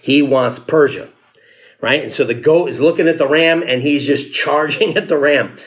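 A man's voice: a little high, moderate pace. A man preaching a sermon in a conversational storytelling way, acting out the people in the story. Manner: conversational storytelling, acts out quotes with laughs. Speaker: pastor.

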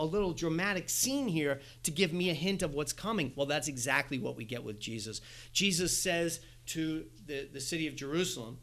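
Animated male preacher, higher voice. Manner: animated, acts out quoted exchanges with asides and laughs. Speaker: pastor. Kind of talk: sermon.

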